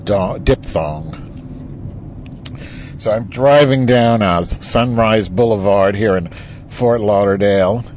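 A man's voice: on the low side, unhurried, a little mellow. A man talking to his recorder while he drives, rambling and ranting with lots of swearing. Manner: profane, rambling, heated political ranting. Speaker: vlogger. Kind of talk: driving vlog rant. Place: inside a moving car. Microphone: recording device in the car. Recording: car noise in the background.

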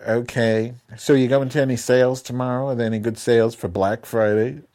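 A man's voice: mid-range voice, fairly even intonation, fairly quick, a little mellow. A man co-hosting a casual chat show, telling long rambling stories full of profanity and self-mockery. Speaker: podcast co-host.

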